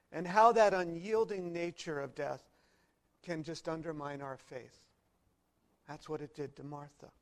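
High-voiced earnest male preacher. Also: rough recording. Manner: earnest, swings between quiet reflection and loud emphatic delivery. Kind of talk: sermon.

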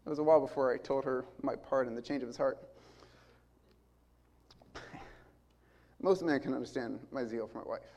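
A man's voice: medium pitch, moderate pace, pauses often, a little mellow. A man in his forties preaching a sermon in an earnest, emphatic way, building his points through repetition.

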